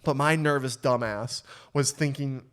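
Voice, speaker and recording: A young adult man hosting a podcast, telling a story in casual chat with lots of swearing and quick restarts. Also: medium pitch, smooth. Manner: animated, swears freely, stammers and restarts. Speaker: podcast host.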